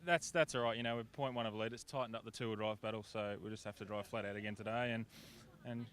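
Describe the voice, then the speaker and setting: A man's voice: lowish voice, steady tone, quick pace, fairly bright tone. A man with an Australian accent, a rally driver, talking in a laid-back, shrugging way. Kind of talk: casual interview.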